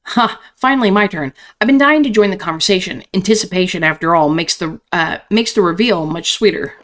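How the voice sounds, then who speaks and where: A woman's voice: lowish voice, a little fast, fairly bright tone, lightly acted. A woman voicing a smug, scheming male accountant in a horror visual novel, with a teasing, theatrical delivery.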